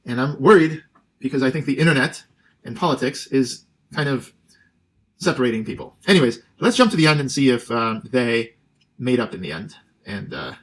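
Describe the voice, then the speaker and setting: A man gives casual spoken commentary on a debate. He rambles and hesitates, and his talk is full of fillers and restarts. His pitch sits in a middle range. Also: lively intonation, normal speed.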